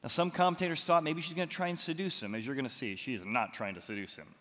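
A male pastor preaching a sermon, retelling the story with animated, dramatic storytelling. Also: medium pitch, quick pace, in a large hall. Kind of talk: expository sermon.

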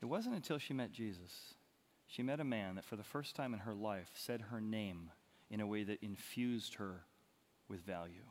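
A man preaching a sermon as pastor, telling the story dramatically with big swings in loudness. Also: on the low side, big-room sound. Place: church hall.

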